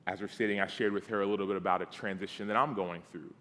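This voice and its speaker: A man's voice: low voice, fairly even intonation, quick pace. Man preaching in a reverberant hall. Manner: conversational, acts out dialogue, drops to soft tones. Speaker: guest preacher. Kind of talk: storytelling sermon. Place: church sanctuary.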